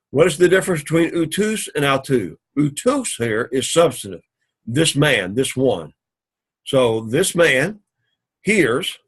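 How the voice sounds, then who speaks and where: A man teaching an introductory Greek class in a recorded lecture, speaking methodically, repeating and rephrasing each point, and sometimes pausing to clear his throat. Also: medium pitch, a bit bright.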